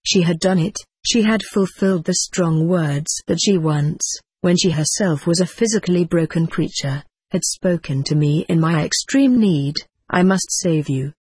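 An audiobook narrator reading a first-person spiritual tale in an even, solemn storytelling way. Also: mid-range voice, normal speed, hardly any pauses, slightly rough, dry recording, low-quality recording.

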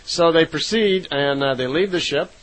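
A man's voice: a little high, moderate pace, fairly bright tone, rough recording. A man retelling a story in a loose, unscripted way, with frequent fillers and self-corrections. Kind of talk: casual spoken retelling.

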